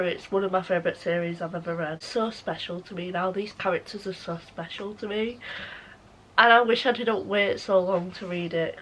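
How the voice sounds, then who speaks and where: A woman's voice: medium pitch, fairly bright tone, slight background noise, rough recording. A young woman vlogging about books she is reading, talking in a gushing, emotional way. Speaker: book vlogger. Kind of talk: reading vlog commentary.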